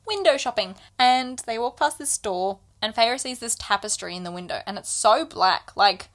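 With a voice on the high side and a normal speed, a woman casually retells a book to a friend for their podcast, which she co-hosts. She animatedly acts out what the characters say.

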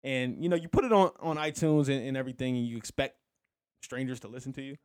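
A man's voice: mid-range voice, quick pace, clean tone, dry recording, clean studio sound. A young man co-hosting a podcast, chatting in a laid-back, rambling way and laughing easily. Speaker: podcast co-host. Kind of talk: casual chat.

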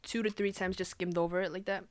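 Teen girl rattling off a story super fast, swears a lot, laughs between bits. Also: medium pitch, steady tone. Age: teens. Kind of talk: casual chat.

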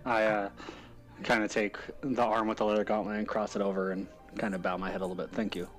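A man's voice: fairly low pitch, level tone, quick pace, faint music behind. A man playing a tabletop game, speaking politely with hesitations. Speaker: player.

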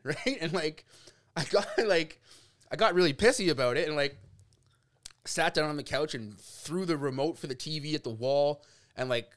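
A young man from Canada telling a story in casual podcast chat, animated and laughing, acting out quotes. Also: mid-range voice, fairly quick. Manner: animated, laughs often, acts out quotes, swears. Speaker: podcast guest.

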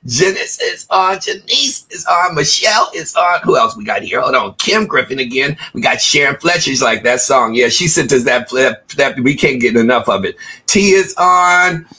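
A man co-hosting a casual show, easygoing as he reads out listener shout-outs. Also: medium pitch, lively intonation, normal speed, few pauses, slightly rough. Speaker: podcast co-host reading shout-outs. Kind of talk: casual chat.

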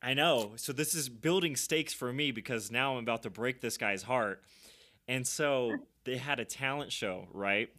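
A young man hosts a casual podcast and tells a story in a relaxed, anecdotal way. His voice has a bright, forceful edge. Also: medium pitch, normal speed. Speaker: podcast host.

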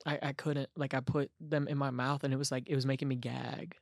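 Young male podcast host, gravelly and tired, dry close mic, deadpan sarcasm. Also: mid-range voice, brisk, no room sound. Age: young adult. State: tired from lack of sleep. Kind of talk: casual chat.

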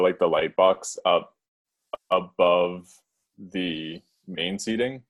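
A young man co-hosting a casual chat, telling a story hesitantly with many pauses. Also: low voice. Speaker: podcast co-host.

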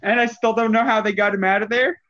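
A man's voice: sits high, steady tone, quick pace. A man trading stories on a podcast in a loose, casual way. He often breaks into laughter mid-sentence. His voice comes through slightly dull and lo-fi. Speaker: podcast co-host. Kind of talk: casual storytelling chat.

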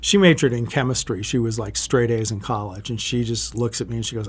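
In a brisk, slightly rough mid-range voice with few pauses, a middle-aged TV meteorologist spins casual interview stories. He rambles and keeps correcting himself by restarting sentences.

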